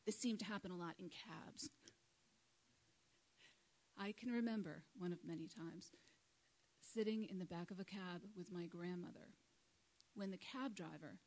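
A woman giving a prepared public talk to a live audience, speaking in a measured, earnest way into a microphone. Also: on the low side, a little mellow, rough recording. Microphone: microphone at a lectern.

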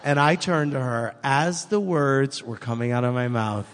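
A man, an author guest, chatting casually and telling animated stories that act out what people said. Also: mid-range voice, normal speed, long reverb tail, background noise. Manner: animated storyteller, acts out quotes. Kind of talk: casual chat.

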